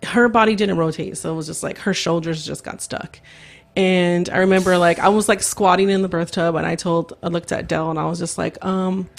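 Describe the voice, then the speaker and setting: With a lowish voice, vocal fry and a fairly quick delivery, this thirtysomething woman is a podcast guest sharing a story in relaxed chat. She brings it to life by performing the quoted lines herself.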